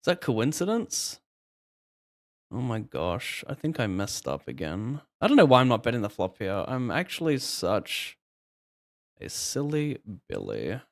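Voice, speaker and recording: A man's voice: mid-range voice, huge pitch swings, measured pace, vocal fry. A young man streaming poker, chatting casually, swearing and joking at his own expense. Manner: swearing, joking, self-mocking. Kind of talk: casual live-stream commentary.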